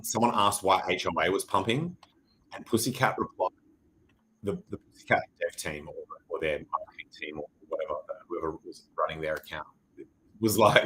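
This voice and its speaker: A man's voice: sits low, pushed and bright, a little hiss or hum, rough recording. An Australian man hosting a livestream, talking through crypto charts in a rambling, jokey and profane way. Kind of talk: casual livestream chart commentary.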